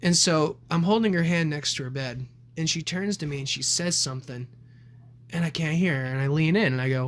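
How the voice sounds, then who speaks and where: A young man co-hosts a casual podcast, speaking in a fairly high voice at a moderate pace. He's an animated storyteller sharing family stories, swearing freely and acting out quoted voices.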